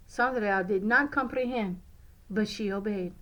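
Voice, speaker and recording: A woman teacher reads a picture book aloud to children in an expressive, unhurried way, her voice sitting high, occasionally stumbling over French words. The recording quality is low.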